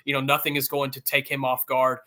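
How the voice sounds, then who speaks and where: Bright-voiced male sports reporter. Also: medium pitch, monotone, a little fast. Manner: fluent, informed, explanatory. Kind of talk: guest analysis in an interview.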